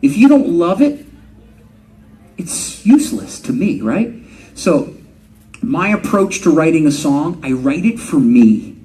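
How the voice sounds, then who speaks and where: A middle-aged man answers fans at a convention panel with loose, joking stories, laughing and cursing as he goes. His voice sits a little high and swings widely in pitch. He sounds some distance from the microphone. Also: slow, pauses often. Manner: animated, joking, laughs often, swears casually. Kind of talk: live fan Q&A storytelling.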